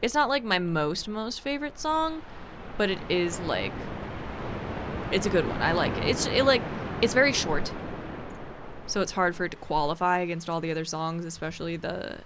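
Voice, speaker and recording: A woman's voice: lowish voice, expressive, moderate pace, background noise. A woman streamer chatting casually and rambling while she plays a game. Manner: rambling and chatty, with many fillers.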